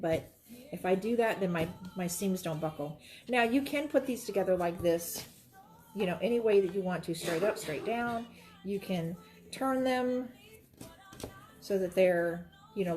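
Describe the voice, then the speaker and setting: A woman's voice: mid-range voice, darkish tone. A woman, chatting and rambling to viewers while she demonstrates quilting, talking straight to her audience. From Florida. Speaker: quilting livestream host.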